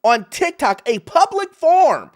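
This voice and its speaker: A man's voice: very high-pitched, big pitch swings, unhurried. A man hosting a commentary show, reacting to clips with laughter and talking straight to his viewers. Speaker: host. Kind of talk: commentary on social media clips.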